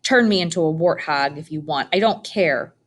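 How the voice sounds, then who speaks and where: A woman voicing a weary, despairing male toy rabbit in a flat, resigned way in a storybook reading. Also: sits low, normal speed.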